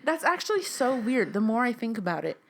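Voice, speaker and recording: A woman's voice: on the high side, sing-song, brisk. A young woman co-hosting a podcast in casual chat, easygoing and agreeable, with many mm-hmms. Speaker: podcast co-host.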